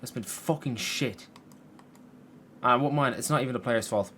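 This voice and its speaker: A man's voice: mid-range voice, moderate pace, pushed and bright, slight background noise. A young man commentating his football game from his room, swearing and venting frustration at the players and the game. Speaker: gaming YouTuber. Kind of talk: gameplay commentary.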